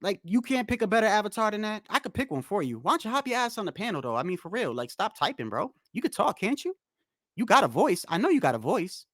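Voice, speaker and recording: A livestream host rants casually, answering viewers in chat bluntly and with a lot of cursing. His high voice is very animated, fast and a bit bright, in a dry, studio-quality recording.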